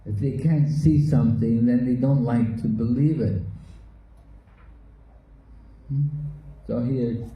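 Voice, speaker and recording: A man's voice: mid-range voice, slow pace, long pauses. A man teaching a scripture class, posing skeptical questions to his students and answering their replies. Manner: plays a skeptic, quizzing students in quoted objections. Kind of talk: interactive class discussion. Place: hall. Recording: roomy dull recording with faint noise.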